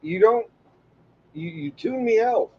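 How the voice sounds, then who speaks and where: A man's voice: high-pitched, expressive, slow, husky, muffled recording. A man co-hosting a casual livestream, joking and teasing, a little tipsy. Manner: joking, teasing, laughs often. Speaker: co-host of a livestream. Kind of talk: casual chat.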